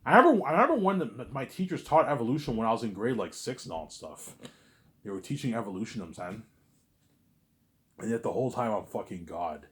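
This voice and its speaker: A man's voice: mid-range voice, very animated, a little fast. A young man rambling to camera in a monologue, stammering and repeating himself, trailing off on a mumbled "obviously.". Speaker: vlogger.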